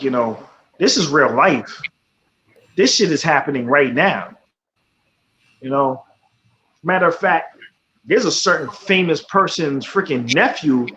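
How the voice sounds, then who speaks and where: A man's voice: fairly high pitch, fairly bright tone. Blunt, profane man on talk radio. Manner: blunt and profane, peppered with "you know what I'm saying". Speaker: radio talk show host. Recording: slightly muffled, faint background noise.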